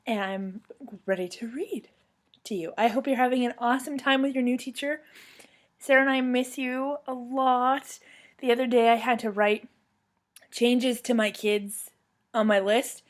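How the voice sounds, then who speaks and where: Her voice sits a little high as this young woman, curled up on her home couch, brings a children's book to life for a former student with lively expression.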